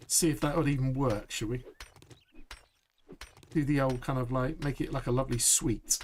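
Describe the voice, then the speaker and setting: A man streaming a survival game live, chatty and upbeat, saying "boom" as he works. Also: slight background noise. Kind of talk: live gameplay commentary.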